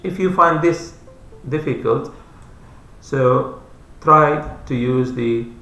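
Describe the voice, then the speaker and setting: A man teaching English grammar, explaining slowly and repeating each rule and example. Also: mid-range voice, pushed and bright. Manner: slow, repetitive, spells out letters. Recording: roomy echo.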